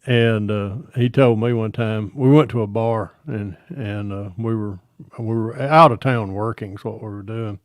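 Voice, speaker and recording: A man's voice: lowish voice, steady tone, no echo. Georgia-drawling man, dry close sound. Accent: Southern US (Georgia). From Georgia, US South. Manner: rambling storyteller, halting restarts. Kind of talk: casual chat.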